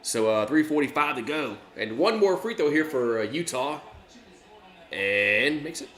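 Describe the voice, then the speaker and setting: A man calls a game live for his stream in a casual, chatty way, often restarting his sentences. His voice has a bright, forceful edge. The recording is echoey, as if in a bare room. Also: mid-range voice, lively intonation, unhurried. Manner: rambling, chatty, many fillers and restarts. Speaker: live stream play-by-play host. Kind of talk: casual play-by-play commentary.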